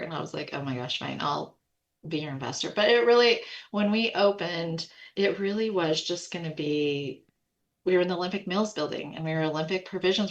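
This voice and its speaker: An American woman with a low voice, a co-founder of a food company, guests on a podcast and tells a lively, casual story. She's animated, tosses in quick quoted asides from others, and laughs often, though the audio is dull.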